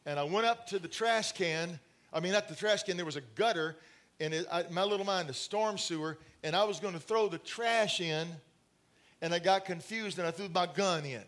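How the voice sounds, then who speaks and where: A middle-aged man preaches to a congregation, his voice sitting high for a man. He moves between stories, laughs and direct asides to the room, keeping the sermon chatty and personal. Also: moderate pace, fairly bright tone. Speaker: pastor. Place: church in front of a congregation.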